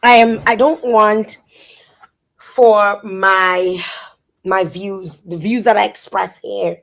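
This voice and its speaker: A woman with a Dominican accent, talking on a phone live stream. She speaks haltingly and repeats words as she tries to stay composed. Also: mid-range voice, steady tone, creaky. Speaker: social media influencer. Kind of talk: emotional live-stream monologue.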